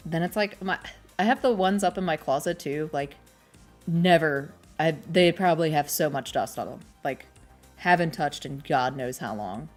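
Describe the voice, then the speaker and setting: A woman's voice: low-pitched, moderate pace, soft background music. A young adult woman who is a streamer, chatting casually and rambling while she crochets, often poking fun at herself. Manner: rambling, chatty, self-deprecating.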